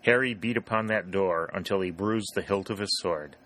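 A man narrating a historical novel in a steady, even storytelling manner. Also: sits low, moderate pace. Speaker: audiobook narrator. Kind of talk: scripted narration.

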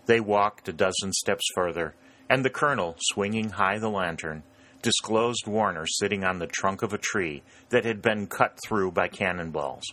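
A man reading a historical novel aloud as an audiobook narrator, in a steady, measured way. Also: low voice. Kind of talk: scripted narration.

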